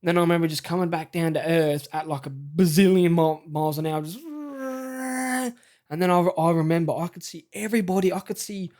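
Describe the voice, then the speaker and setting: An Australian man telling a personal story in a halting, stammering, shaken way. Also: on the high side, steady tone, a little mellow. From South Australia. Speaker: vlogger.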